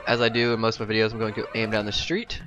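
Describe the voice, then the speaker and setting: Bright-voiced young man commenting on gameplay. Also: fairly low pitch, completely flat delivery, very fast, lo-fi sound, soft background music. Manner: rambling, many ums and asides. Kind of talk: casual game commentary.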